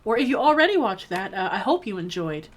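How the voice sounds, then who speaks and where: A woman's voice: medium pitch, big pitch swings, fast talker. A woman giving casual, rambling commentary while playing a video game, talking to herself and to the characters on screen with playful, jokey outbursts. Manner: jokey mock-bossy outbursts. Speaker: gaming video creator.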